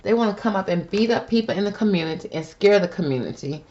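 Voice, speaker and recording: A woman's voice: mid-range voice, animated, fast talker, darkish tone. Emphatic woman reading tarot, lo-fi. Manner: emphatic, repeats "okay?", calls listener "baby"; grows heated and indignant. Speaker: tarot reader host. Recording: dull lo-fi with faint hiss.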